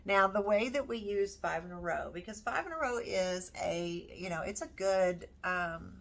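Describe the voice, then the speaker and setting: A woman's voice: medium pitch, vocal fry. A homeschooling mother talking casually through her curriculum, thinking aloud with plenty of ums and you-knows. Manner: unhurried, thinking aloud with many fillers. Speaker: homeschooling parent.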